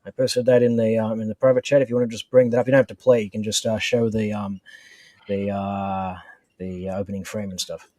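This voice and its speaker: A man talking as a guest on a video call, halting with many fillers while he searches for things. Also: lowish voice, flat delivery, warm tone, no echo. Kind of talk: casual video-call chat. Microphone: home computer mic on a call.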